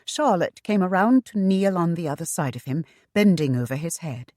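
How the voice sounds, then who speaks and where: A woman reading a historical romance novel aloud in a measured, unhurried way. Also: lowish voice, animated, a little mellow, dry recording, studio quality. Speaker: audiobook narrator. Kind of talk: scripted narration.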